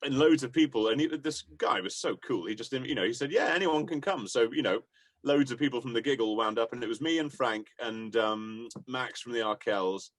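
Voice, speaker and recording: Chatty man telling warm stories. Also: mid-range voice, brisk, dry recording. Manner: warm, rambling anecdotes with laughter and swearing. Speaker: musician guest. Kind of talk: casual interview storytelling.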